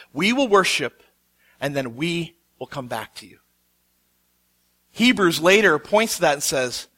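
A man in his thirties preaching a sermon, telling a story with animated quotes. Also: sits high. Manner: animated storytelling, acts out quotes with rising intensity. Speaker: pastor.

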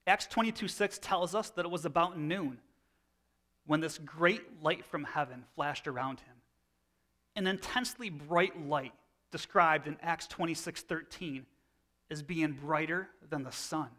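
A man in his thirties preaching a sermon. He teaches in a loose, conversational way and often restarts his phrases. His voice sits on the higher side for a man. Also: a little slow, bright, forceful tone. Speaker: pastor.

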